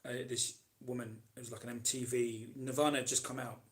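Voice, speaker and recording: A man's voice: mid-range voice, little pitch movement, a little fast. A man hosting a casual live question-and-answer stream, reading out viewers' comments and answering them in a rambling, chatty way full of ums and restarts.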